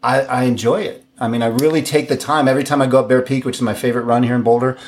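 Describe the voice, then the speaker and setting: Male podcast guest, mid-pitched voice, upbeat and quick to joke. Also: fairly even intonation. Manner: upbeat, joking, laughs along. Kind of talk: casual interview conversation.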